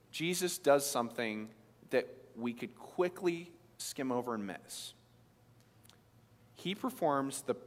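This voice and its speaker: A man, preaching a sermon in an emphatic, conversational way with frequent restarts. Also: on the high side. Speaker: pastor. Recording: long reverb of a large hall.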